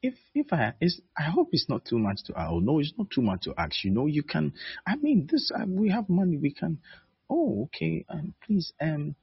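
A man's voice: on the high side, huge pitch swings, moderate pace, creaky, slightly rough, dry recording, highs cut off, voice pushed up, exaggerated voice. A man voicing a coy young woman in a sermon skit, hesitant and stammering as she fishes for expensive gifts. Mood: shy, coaxing. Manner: hesitant, stammering, fishing for favors.

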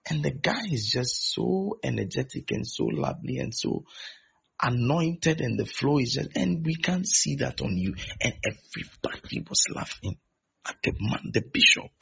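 A man preaching a sermon who acts out the voices of the people in his stories and swings between loud and soft delivery. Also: mid-range voice, animated, normal speed, vocal fry, breathy edge. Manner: acts out quoted voices, shifting loudness. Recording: dull lo-fi recording.

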